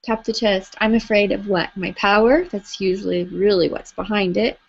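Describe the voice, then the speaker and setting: A woman leading a live tapping session, gently coaching listeners through phrases for them to repeat. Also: medium pitch, steady tone, moderate pace, vocal fry. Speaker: EFT tapping facilitator. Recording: slightly dull lo-fi audio.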